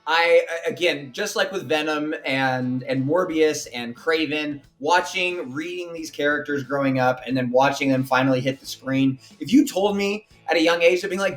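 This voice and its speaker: A man's voice: fairly high pitch, normal speed, few pauses, faint music behind. A man co-hosting a podcast, ranting in an exasperated, profane way in casual chat. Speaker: podcast co-host.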